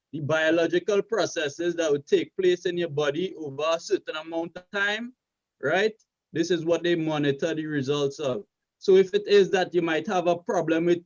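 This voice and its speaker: A man argues in a casual debate and keeps repeating himself to be heard. His voice sits a little high. The sound is dry, with no room echo, and dull in a lo-fi way. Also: a little mellow. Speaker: panel debater.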